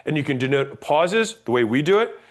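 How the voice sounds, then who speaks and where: A man teaching a sales class, blunt and emphatic, demonstrating pauses and rising inflection as he explains. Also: on the high side, big pitch swings. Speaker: sales trainer. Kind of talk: instructional talk on sales tonality.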